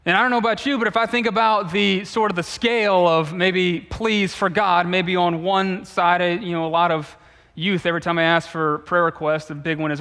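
A man, a youth pastor, giving a sermon in a conversational way, with relaxed asides and restarts. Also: high voice, moderate pace. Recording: long reverb of a large hall.

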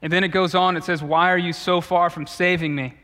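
A man, a youth pastor, giving a sermon in a conversational way, with relaxed asides and restarts. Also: high voice, fairly quick. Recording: long reverb of a large hall.

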